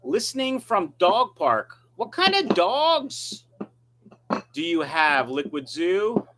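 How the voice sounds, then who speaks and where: Guy doing a chill fish-room livestream, reads the chat out loud, jokey and rambly, voice bouncing up and down. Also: high voice, wildly swooping pitch, slow pace, a little hiss or hum. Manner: joking, rambling, self-mocking. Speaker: fish breeder hosting a live stream. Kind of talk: casual live-stream chat reading viewer comments.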